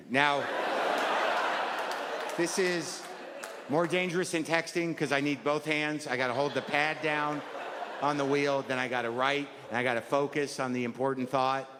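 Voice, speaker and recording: A middle-aged man doing a stand-up comedy set, ranting in a neurotic, self-deprecating way and acting out little asides. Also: mid-range voice. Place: stage in a comedy venue. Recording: live venue with long reverb and loud crowd noise.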